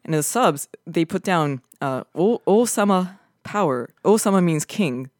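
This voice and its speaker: A woman's voice: fairly low pitch, animated, moderate pace, a little mellow, no echo, studio quality. A woman chatting casually and with enthusiasm, reading out Japanese lines with care. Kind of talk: casual chat.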